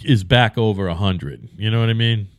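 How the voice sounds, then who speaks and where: A man's voice: fairly low pitch, normal speed, no room sound. A man in his fifties with a Boston accent, swearing freely in blunt casual banter. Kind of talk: casual chat.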